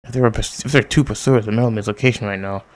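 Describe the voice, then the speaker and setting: A man casually reading a manga aloud, reading out the character lines, commenting and laughing as he goes. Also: lowish voice. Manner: reads character lines in quick voices and laughs often; excited outbursts. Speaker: manga reader. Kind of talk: casual read-along with commentary.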